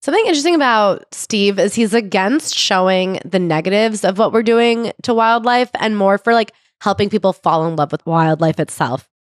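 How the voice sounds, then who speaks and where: Woman, podcast co-host, casual joking chat, medium pitch, dry studio sound. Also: lively intonation, moderate pace, hardly any pauses, no echo. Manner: jokey, laughs often, quotes people in put-on voices. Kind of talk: casual book club chat.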